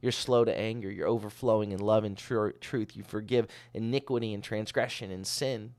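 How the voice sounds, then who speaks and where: A man's voice: on the low side, steady tone, moderate pace. A man leading a daily devotional as rabbi, reading scripture aloud and commenting on it earnestly. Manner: earnest, swells loud on key phrases then drops soft. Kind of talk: devotional sermon.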